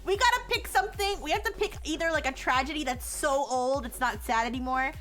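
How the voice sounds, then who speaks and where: A woman streamer chatting casually and excitedly, giggling often and restarting her sentences. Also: sits high, brisk, faint music behind. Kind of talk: casual live stream chat.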